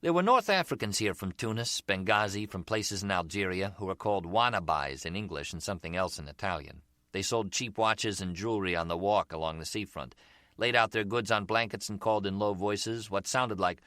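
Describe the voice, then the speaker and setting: A man narrating a crime novel in a wry, measured storytelling manner. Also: sits low, fairly bright tone, no room sound, studio quality. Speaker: audiobook narrator. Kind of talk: scripted narration.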